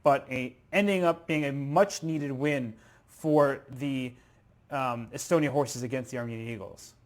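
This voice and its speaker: A man commentating live chess, excitable and thinking aloud through move sequences. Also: medium pitch, a little slow.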